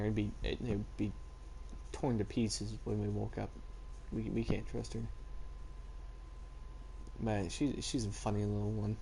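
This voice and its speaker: A man's voice: lowish voice, mellow, a little hiss or hum. A teenage boy chatting casually and rambling as he tells stories in a vlog. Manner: rambling, laid-back storytelling. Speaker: vlogger. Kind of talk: casual chat.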